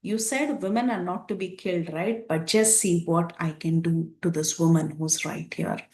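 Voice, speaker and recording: A woman's voice: on the low side, normal speed, darkish tone, echoey room, lightly acted. A woman voicing a cruel male demon prince who mocks and taunts. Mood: taunting. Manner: mocking, taunting.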